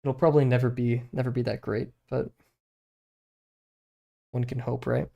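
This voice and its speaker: This young man's voice is mid-range, level and creaky, with a warm tone, moderate pace and lo-fi sound. He's drawing on a live stream, rambling in casual chat full of fillers and muttering as he sketches.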